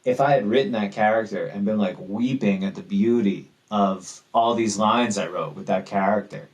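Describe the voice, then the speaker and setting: A man talking as a guest on a podcast about his writing, thoughtful and animated, often poking fun at himself. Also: fairly low pitch, normal speed, poor audio. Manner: thoughtful, animated, self-deprecating. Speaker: guest author. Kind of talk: casual interview chat.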